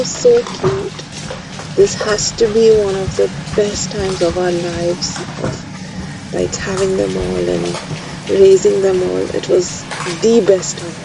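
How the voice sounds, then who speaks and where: A woman's voice: on the low side, gravelly, background noise. A young woman chatting casually through a vlog voice-over, full of fillers. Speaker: vlogger.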